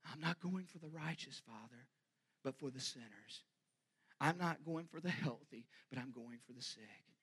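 A man playing Jesus in a sermon, earnest and pledging his mission, rising to impassioned shouts. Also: mid-range voice, moderate pace, husky. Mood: solemn.

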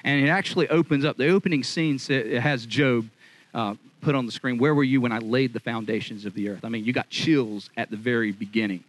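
A man preaching a casual, conversational sermon in an animated, chatty way. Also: mid-range voice, a little fast, rough recording. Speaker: pastor.

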